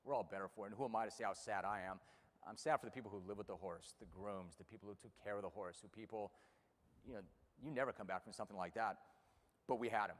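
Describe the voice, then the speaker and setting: Halting, low-voiced man in his fifties. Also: in a large hall. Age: 50s. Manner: halting, repeats words when upset. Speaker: racehorse owner and radio host. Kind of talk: emotional personal speech to an audience. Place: room with a live audience.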